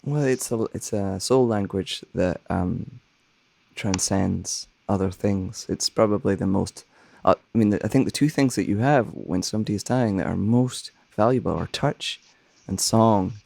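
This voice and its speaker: A man's voice: lowish voice, moderate pace, gravelly, darkish tone, no room sound. A man who is a minister and songwriter, talking thoughtfully and earnestly in a soothing, scratchy voice, sometimes searching for words. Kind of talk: reflective conversation.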